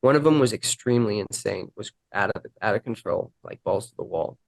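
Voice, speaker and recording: A man candidly recounting his recovery story in an interview, earnest and halting, acting out the dialogue he quotes. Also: fairly low pitch, animated, vocal fry, no echo.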